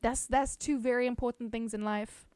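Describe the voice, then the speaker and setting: A woman's voice: a little high, fairly even intonation, normal speed, darkish tone, clean tone, dry recording. A woman streamer chatting casually with her live chat, laughing often, swearing casually, and reading viewer names aloud.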